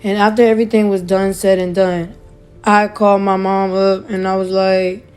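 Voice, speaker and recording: A young woman retells her own story casually and emotionally, acting out what other people said to her. Her voice is medium-pitched, smooth and darkish, with little pitch movement and a moderate pace. Faint music plays behind her.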